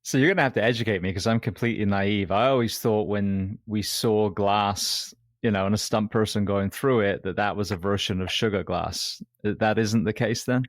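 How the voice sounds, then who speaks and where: A man's voice: on the low side, steady tone, normal speed, few pauses, dry recording, clean studio sound. A man hosting an interview, asking curious, self-effacing questions. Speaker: podcast host.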